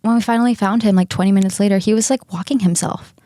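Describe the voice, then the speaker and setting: A woman's voice: medium pitch, fairly even intonation, quick pace, mellow, dry recording, studio quality. A woman in her thirties co-hosting a podcast, telling personal stories in a chatty way, laughing often and swearing casually. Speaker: podcast co-host. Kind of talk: casual storytelling chat.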